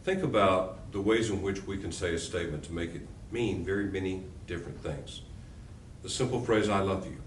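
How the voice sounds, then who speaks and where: A man's voice: low-pitched, normal speed, echoey room, far from the mic, slight background noise. A man teaching a recorded lecture as a law instructor, with an emphatic, punchy delivery.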